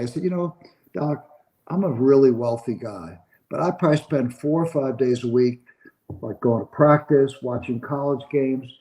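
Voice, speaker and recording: An older man tells a story as a podcast guest, acting out the voices of the people in it with lively shifts. His voice is mellow and warm, at an ordinary pitch for a man. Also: low-quality recording. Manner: animated storyteller acting out dialogue. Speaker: sports agent, interview guest.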